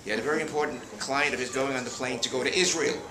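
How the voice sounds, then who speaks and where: A man's voice: medium pitch, rapid-fire, reverberant, background noise. An older man with a New York accent hosting a live bookshop event, telling rambling show-business anecdotes and acting out the quotes. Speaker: host. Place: bookshop event room with an audience.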